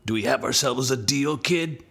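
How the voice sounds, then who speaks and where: A man voicing a sly, smooth-talking con man who whispers a secret deal and flatters his mark. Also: mid-range voice, moderate pace, pitched above the performer's own voice, exaggerated voice. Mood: wheedling. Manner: wheedling, conspiratorial sales patter.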